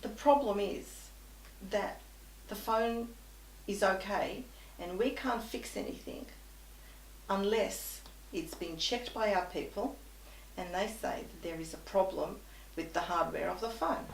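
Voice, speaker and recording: A woman's voice: mid-range voice, unhurried, gravelly, far from the mic, a little hiss or hum. A woman guest telling an anecdote in conversation, animatedly acting out both sides of the dialogue. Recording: echoey room.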